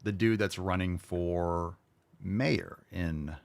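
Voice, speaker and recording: A man's voice: sits low, slow pace, vocal fry, darkish tone, no echo. A man hosting a reaction show, ranting bluntly and mockingly with lots of swearing. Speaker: host reacting to videos.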